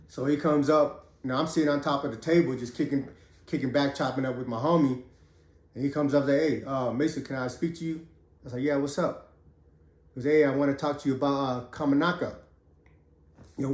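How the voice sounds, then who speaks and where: A man telling his own prison story in a casual, profane, streetwise way, pausing often as he recounts it. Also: mid-range voice, echoey room. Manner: streetwise, profane, drawn-out pauses.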